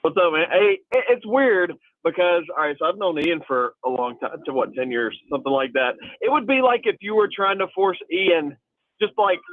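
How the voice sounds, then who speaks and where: Male radio caller, phone line sound, high voice, rambling, casual. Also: dry recording. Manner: rambling, casual, says dude. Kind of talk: casual call-in chat.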